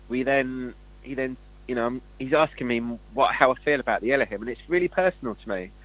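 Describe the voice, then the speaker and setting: A man speaks in casual conversation, his voice sitting at an ordinary, middle pitch. He drifts from one point to the next, doubling back and restarting his sentences as he goes. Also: a bit bright, rough recording. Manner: loose, digressive storytelling with many restarts. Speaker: guest speaker on esoteric topics. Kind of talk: rambling conversational monologue.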